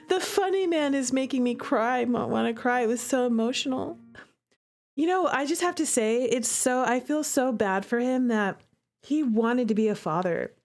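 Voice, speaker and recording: A woman's voice: on the high side, normal speed. A woman streamer reading a visual novel aloud and reacting in a chatty, emotional way. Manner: emotional, chatty, indignant on the character's behalf. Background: faint guitar music.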